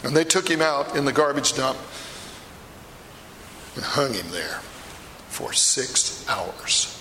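A man's voice: fairly high pitch, fairly even intonation, brisk, bright, forceful tone, slight background noise. A man performing a first-person dramatic monologue as a remorseful apostle, a middle-aged fisherman telling his story with intense feeling. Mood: earnest. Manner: intense storytelling, swells to anguished outbursts. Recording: echoey hall, long reverb.

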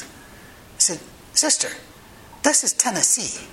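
A man's voice: sits high, sing-song, measured pace, pushed and bright, slight background noise, low-quality recording. A man pastor delivering a sermon, mixing humorous anecdotes and asides with short, emphatic commands.

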